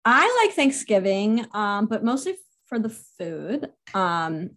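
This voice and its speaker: A woman's voice: medium pitch, very animated, slow, fairly bright tone. A young woman co-hosting a podcast, chatting casually about a book and laughing often. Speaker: podcast co-host. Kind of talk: casual book-club chat.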